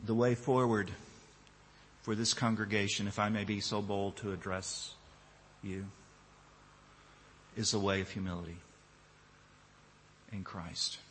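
A man's voice: on the low side, little pitch movement, a little slow, pauses often, a bit bright, a little hiss or hum. A man preaching a sermon to his congregation and closing in prayer, speaking earnestly and building up emphasis. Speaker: pastor. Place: church. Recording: long reverb of a church hall.

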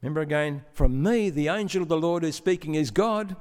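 A man preaching a sermon in a measured, explanatory way, with some stammering restarts. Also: on the high side, clean tone. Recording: long hall reverb.

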